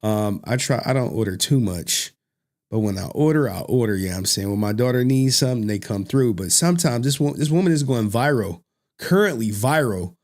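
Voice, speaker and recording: A man's voice: medium pitch, lively intonation, fairly quick, darkish tone. A man who streams reaction videos, chatting casually in loose slang and laughing often between remarks.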